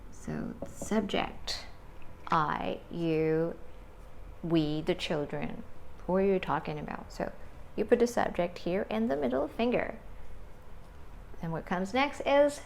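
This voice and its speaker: A woman teaching an English grammar lesson, explaining slowly step by step and checking in with "right?". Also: fairly low pitch, creaky, darkish tone, a little hiss or hum. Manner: slow, deliberate explaining with frequent "right?" checks.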